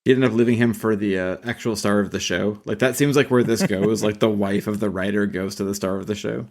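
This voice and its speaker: A man's voice: on the low side, steady tone, brisk. A man co-hosting a podcast in casual chat, opinionated and riffing on pop culture. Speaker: podcast co-host.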